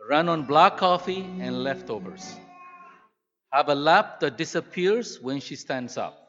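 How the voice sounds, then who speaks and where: A man's voice: fairly high pitch, expressive, a little slow, sharp tone, soft background music. A man voicing God as an eager, proud male Creator, read in a dull recording with a long hall echo. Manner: earnest, eager.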